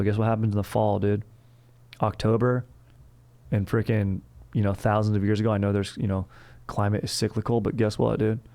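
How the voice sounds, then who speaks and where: Young adult man, low gravelly voice, flat delivery, slangy profane history riffing. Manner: slangy, profane, keeps saying dude and bro. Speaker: comedy history podcast host. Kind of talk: rambling comedic history monologue.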